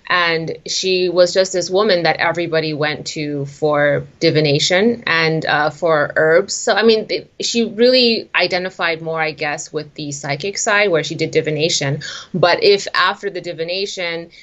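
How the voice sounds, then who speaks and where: A woman's voice: deep voice, normal speed, a bit bright, muffled recording. A woman from southern Taiwan, an author guest in a casual interview, chatty and laughing often with many fillers.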